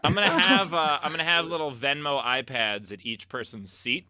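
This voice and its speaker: Bright-voiced joking man on a video call. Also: on the high side, normal speed, clear, resonant tone, dry recording. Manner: joking, self-mocking, reads donor messages aloud. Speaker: co-host reading out tips. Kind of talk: casual comedy chat on a video call.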